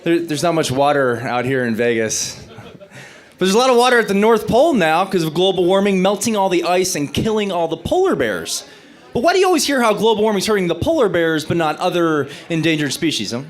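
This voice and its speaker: A young man doing a stand-up comedy set on stage, delivering dry punchlines between lively bits. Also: high voice, fairly quick.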